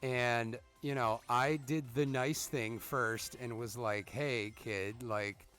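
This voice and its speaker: A man's voice: mid-range voice, fairly even intonation, slow pace, a bit bright, faint music behind. A man in his thirties hosting gameplay commentary, telling a parenting story in a profane, ranting way with exasperated reactions to the game. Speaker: gaming channel host.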